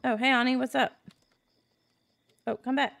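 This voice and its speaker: A woman's voice: high-pitched, flat delivery, moderate pace, creaky, fairly bright tone. A woman chats her way through a video game and laughs now and then. She reads the characters' dialogue aloud in her own everyday voice, with no put-on voices, in a loose, rambling manner. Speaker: gameplay video host. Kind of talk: casual let's-play commentary reading dialogue aloud.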